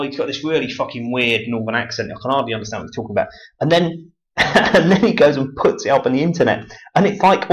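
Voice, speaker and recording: A man from rambling casually to camera, mocking and swearing, laughing often as he tells his stories. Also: medium pitch. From Chatham, Kent, England. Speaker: video blogger. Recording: dull lo-fi audio.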